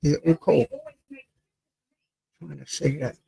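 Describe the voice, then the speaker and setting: An English man hosts a laid-back live stream from home, reading out the chat and greeting viewers one by one. His voice sits a little high and has a gravelly edge. He sometimes leans away from the desk mic. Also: fairly even intonation, a little slow, dark tone, low-quality recording. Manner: chatty, greets viewers by name, reads chat aloud. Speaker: livestream host. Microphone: desk mic, sometimes off-axis.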